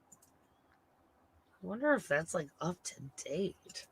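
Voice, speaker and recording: A woman's voice: fairly low pitch, sing-song, husky. A woman co-hosting a casual horror movie livestream, talking bluntly with plenty of swearing. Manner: blunt, profane, slow drawl. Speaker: podcast co-host.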